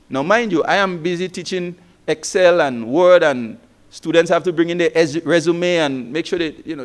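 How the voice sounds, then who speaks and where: High-voiced man giving a keynote. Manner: storytelling with rhetorical questions. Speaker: keynote speaker, former lecturer. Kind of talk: motivational conference talk.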